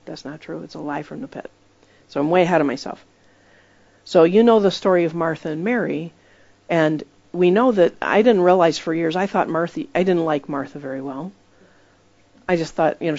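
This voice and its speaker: A woman's voice: fairly low pitch, a little mellow, no echo, dull audio. A woman preaching in a conversational sermon style, telling stories emphatically and acting out the voices she quotes.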